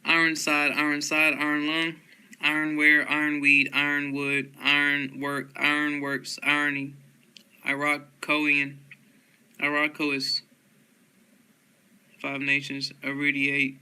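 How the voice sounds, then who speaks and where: A man reads a dictionary aloud word by word, stumbling and restarting now and then. His voice is bright and clean in tone. He delivers every entry at one unbroken, level pitch, like a list. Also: slow pace, clean tone. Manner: flat word-by-word listing with stumbles. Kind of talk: reading dictionary entries aloud.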